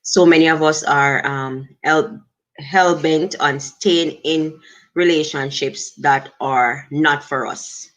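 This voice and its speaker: A middle-aged woman with a Jamaican accent talks to her livestream audience. She speaks slowly and thoughtfully, in a voice a little on the low side, and stops now and then to thank viewers. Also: steady tone. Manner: unhurried, reflective, thanks viewers warmly. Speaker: livestream host. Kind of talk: casual livestream talk to chat.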